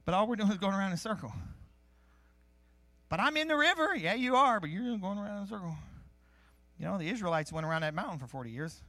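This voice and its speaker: Man preaching a lively, chatty sermon. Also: high voice. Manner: conversational, animated Bible teaching with jokes and asides. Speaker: pastor. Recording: live-streamed sermon.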